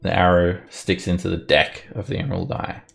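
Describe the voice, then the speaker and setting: A man's voice: sits low, level tone, brisk, creaky, faint music behind. A man running a tabletop game as game master, narrating casually with chuckles and fillers.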